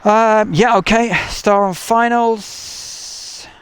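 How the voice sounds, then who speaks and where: A chatty man with an East Midlands accent, rambling easily through a live outdoor stream at night. His voice sits a touch high, and faint outdoor sounds with passing vehicles hum behind him on a camcorder mic. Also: fairly even intonation, extremely slow. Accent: East Midlands English. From England. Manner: chatty, rambling, reads out viewer messages. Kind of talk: casual live commentary. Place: outdoors near an airport at night.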